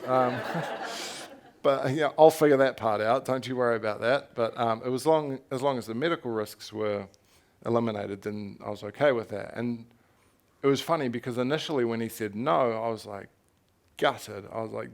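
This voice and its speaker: A young New Zealand man with a gravelly, mid-range voice talks at a normal speed. He's an author in a candid live conversation at a festival, telling his story frankly and animatedly with laughter and the odd swear word.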